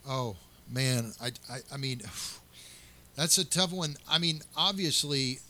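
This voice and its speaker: A man's voice: mid-range voice, takes it slowly, bright, forceful tone. A middle-aged man, a county sheriff, answering interview questions earnestly and telling stories with many restarts.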